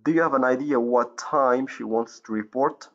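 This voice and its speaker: A man's voice: medium pitch, normal speed, fairly bright tone. Moroccan guy teaching english grammar, lots of uhs and restarts, muffled lo-fi mic. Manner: hesitant, many fillers and self-corrections. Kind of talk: recorded grammar lesson. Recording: dull lo-fi recording.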